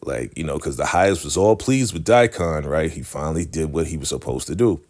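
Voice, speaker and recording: A man's voice: very deep voice, fairly quick, darkish tone. A man casually recapping a TV episode, animatedly acting out the characters' lines. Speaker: TV recap vlogger.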